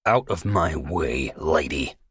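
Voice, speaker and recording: A man's voice: a bass voice, normal speed, fairly bright tone, breathy edge, no echo, clean studio sound, heavily acted. A male audiobook narrator voicing a cold, vicious young gunman who talks with venom. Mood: menacing. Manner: menacing, venomous. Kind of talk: audiobook character voice.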